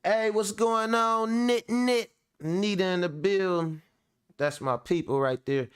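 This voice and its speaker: A man's voice: high-pitched, slow, clear, resonant tone. A young man hosting a reaction show, joking loosely and profanely as he comments on a clip. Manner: profane, animated, laughing and joking.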